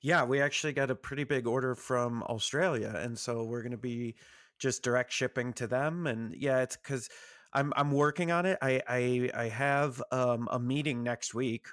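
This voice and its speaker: Rambling, self-mocking podcast co-host. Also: male voice, medium pitch, moderate pace, a bit bright, dry recording, studio quality. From United States. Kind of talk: casual podcast chat.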